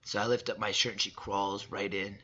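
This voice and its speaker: A man in his thirties delivering a personal motivational monologue, emphatic and repetitive, swinging between loud and soft. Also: lowish voice, flat delivery, brisk, slightly rough, dull audio. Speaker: father sharing reflections.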